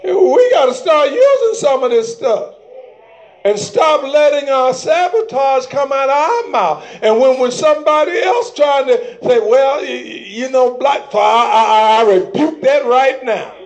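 A man preaching a sermon to his church, calling for amens and breaking into shouted bursts. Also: very high-pitched, expressive, a little slow.

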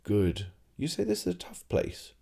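A man voicing a naive, courteous male tourist who speaks formally and eagerly, a little higher than his own voice. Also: big pitch swings, measured pace, gravelly, mellow, breathy edge, full character voice. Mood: earnest.

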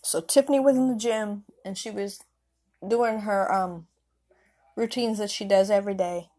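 A woman telling an improvised story in a rambling, halting way with many restarts. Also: mid-range voice, fairly even intonation, mellow.

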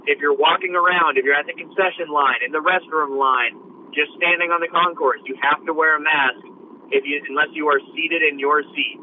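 A man's voice: on the high side, steady tone, brisk, narrow, tinny audio, a little hiss or hum. A man calling in from a moving car by phone, upbeat and promotional with many fillers. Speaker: guest, minor league ballpark executive. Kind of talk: phone interview. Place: car on a mountain road.

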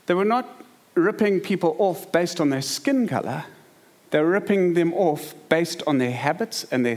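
A man with a South African accent preaching a sermon, mixing scripture with lively stories and humor. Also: fairly high pitch. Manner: lively storytelling, quick asides and humor. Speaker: pastor.

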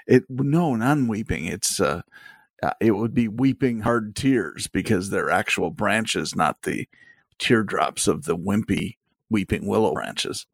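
A man's voice: lowish voice, animated, a little slow, vocal fry, no room sound, clean studio sound. A man co-hosting a podcast in casual banter, wry and teasing, laughing often. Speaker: podcast co-host.

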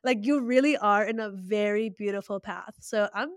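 A young woman co-hosting a podcast, warm, encouraging and effusive in casual chat. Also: medium pitch, moderate pace, smooth, dry recording, clean studio sound. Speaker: podcast co-host.

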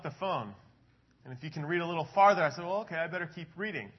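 A man in his thirties pastors a congregation with a somewhat raised, breathy voice. He talks casually, telling stories with plenty of uhs and ums. The church recording sounds dull and lo-fi. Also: on the high side, expressive, fast. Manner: chatty storytelling, frequent um and uh. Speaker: adult ministries pastor. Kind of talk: casual sermon talk to a congregation.

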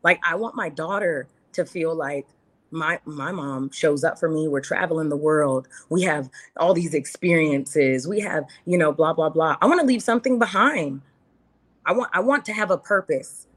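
A woman's voice: low-pitched, normal speed. A woman in her thirties, a podcast guest talking earnestly and with feeling, acting out quotes in her own words. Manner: earnest and animated, acts out quotes. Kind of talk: casual interview chat.

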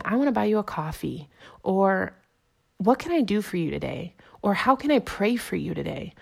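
A woman giving an earnest, encouraging motivational talk, repeating affirmations and slowing down for emphasis. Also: medium pitch, gravelly, a little mellow. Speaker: motivational speaker. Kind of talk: inspirational monologue.

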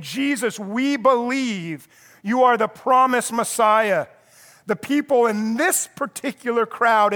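A man's voice: extremely high pitch, fairly bright tone. A middle-aged man preaching a sermon as a pastor, telling the story vividly and acting out the voices of the crowd.

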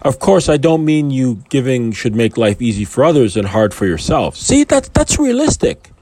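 A man's voice: mid-range voice, moderate pace, warm tone. A man reading scripture and commenting on it in a casual, rambling way, full of asides and restarts. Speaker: Bible teacher.

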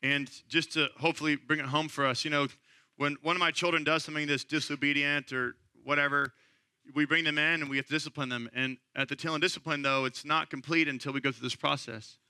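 A man's voice: a little high, steady tone, quick pace, sharp tone, smooth, no echo, studio quality. A man in his thirties, a pastor giving an earnest, conversational sermon. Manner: earnest, conversational preaching that rises to impassioned.

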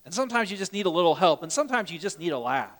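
High-voiced man preaching in a reverberant hall. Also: very animated, very fast. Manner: earnest preaching, swings from loud urgency to hushed softness; repeats words when restarting. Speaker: pastor. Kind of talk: sermon.

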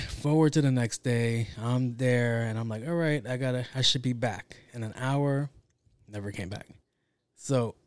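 A man's voice: mid-range voice, no echo. A young man telling a story from work in a casual, profane, slangy way, acting out what people said. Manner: profane, slangy, animated with acted quotes.

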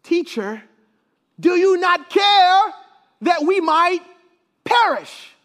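Frantic, shouting disciples in a storm-tossed boat, put on by a man in his sermon. The voice is very high and panicked. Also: big pitch swings, takes it slowly, heavily acted.

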